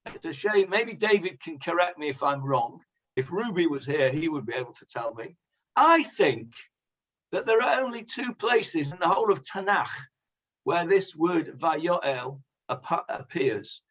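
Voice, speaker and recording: A man, a rabbi, leading a conversational Bible class, pausing with many fillers and asking the class questions. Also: fairly high pitch, lively intonation, fairly bright tone. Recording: dull lo-fi sound.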